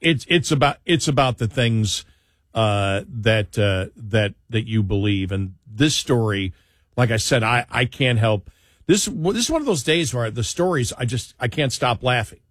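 A man's voice: medium pitch, lively intonation, a little slow, a bit bright, no echo, studio quality. Rambling male talk radio host. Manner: rambling, many restarts and fillers. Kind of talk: casual talk radio banter.

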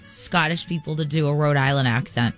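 A woman's voice: low voice, brisk, soft background music. A woman co-hosting a morning radio show, reacting playfully and teasing her partner. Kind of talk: casual morning radio chat.

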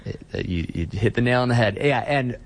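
A man's voice: mid-range voice, animated, moderate pace. A man who is a pastor, speaking as an interview guest in an earnest, reflective way, often restarting his sentences.

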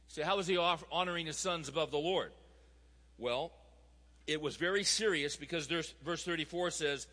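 Man preaching, high voice, bright and forceful tone, emphatic, long hall reverb. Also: steady tone, moderate pace. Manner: emphatic, rising to fervent exhortation. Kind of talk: sermon.

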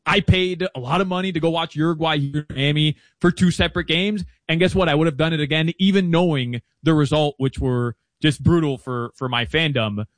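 A man guest on a sports talk interview, sharing betting picks in a chatty, animated way. His voice sits a bit high. The sound is close and dry. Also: dry recording. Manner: chatty and animated, fast asides. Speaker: soccer betting guest analyst. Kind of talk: casual interview chat.

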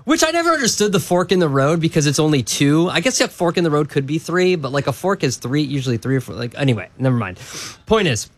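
A man's voice: on the high side, very animated, fast talker, no room sound. A man co-hosting a casual sports talk show, rambling and joking with lots of filler words. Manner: rambling, jokey, full of filler "like".

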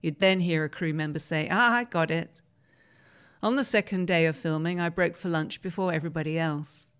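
A woman presenting and reading newspaper articles aloud in a measured, plain way. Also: low voice, steady tone, clear, resonant tone.

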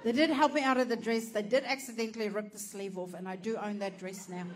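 A woman's voice: mid-range voice, fairly even intonation, fast talker, crowd noise, noisy background. An Australian woman doing stand-up storytelling, brash and sweary, laughing through her punchlines. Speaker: stand-up comedian.

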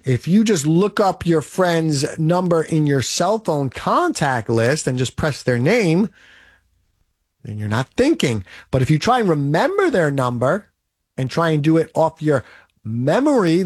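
A man's voice: fairly high pitch, sing-song, a little slow, no echo, clean studio sound. A man in his late forties delivering a blunt, motivational monologue full of rhetorical "right?"s. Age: 40s. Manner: emphatic, blunt and pep-talking, with rhetorical "right?".

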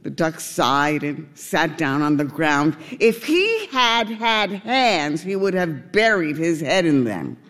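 A man narrating a storybook tale in a gentle, unhurried way. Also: a little high, very animated, long reverb tail.

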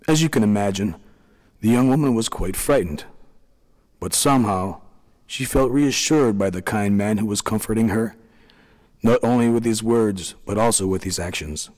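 Low-voiced male storyteller, reverberant. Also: normal speed, darkish tone. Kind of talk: scripted narration. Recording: long reverb.

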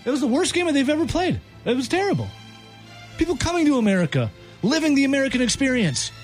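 A man hosting a sports radio show, venting in an animated, sarcastic rant. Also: very high-pitched, quick pace, soft background music. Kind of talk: ranting sports talk.

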